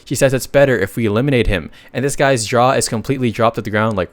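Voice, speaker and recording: A man's voice: medium pitch, fast talker, dry recording. A man narrating a comic recap in a casual, chatty way, reading out the dialogue and adding joking asides to viewers.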